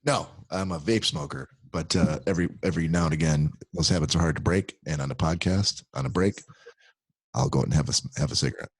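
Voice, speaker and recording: A man's voice: rumbling low, fast talker, slightly rough, dry recording. A middle-aged man from Michigan, a podcast guest chatting casually and wryly about his household. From Michigan, USA. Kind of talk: casual chat.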